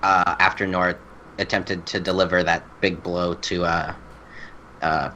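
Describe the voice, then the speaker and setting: A woman co-hosting a podcast in casual chat, relaxed and giving short replies. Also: extremely low pitch, unhurried, muffled recording, slight background noise. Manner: relaxed, brief backchannel replies. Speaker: podcast co-host.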